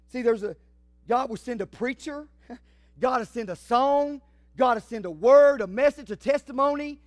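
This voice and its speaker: A man preaching a fiery sermon, swinging from shouts to hushed asides. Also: extremely high pitch, normal speed, no room sound, studio quality. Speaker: pastor.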